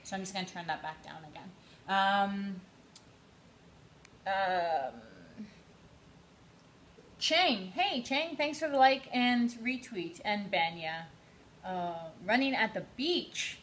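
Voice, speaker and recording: Her voice sits at medium pitch with a fairly bright tone, moving slowly and pausing often. She's a young woman hosting a livestream from an indoor treadmill, winded from running as she trains for a charity run and greets viewers by name in casual chat. Faint noise and echo fill the room.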